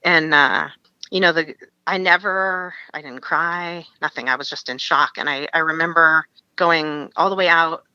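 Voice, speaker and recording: A woman's voice: low-pitched, fairly even intonation, normal speed, pushed and bright, clean tone, dry recording, muffled recording. A woman from Alaska, a podcast guest, frankly telling a personal story in an interview and laughing through hard memories.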